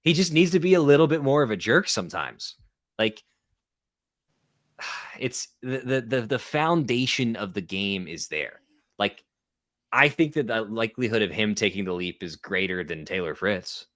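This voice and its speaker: A man with a fairly low voice co-hosts a live tennis watchalong, chatty and full of strong opinions. His recording is dry and close, with no room echo. He breaks into laughter often. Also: expressive, normal speed, fairly bright tone. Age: young adult or middle-aged parent of an infant. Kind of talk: casual live sports commentary.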